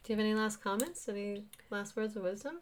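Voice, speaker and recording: A woman's voice: medium pitch, fast, soft background music. Easygoing teasing woman co-host. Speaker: podcast co-host. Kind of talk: casual chat.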